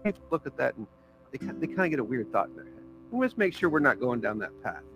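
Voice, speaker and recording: A man's voice: mid-range voice, big pitch swings, fast talker, fairly bright tone, poor audio. Casual, talkative male pastor preaching. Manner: casual, conversational preaching with filler words and jokes. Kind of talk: sermon.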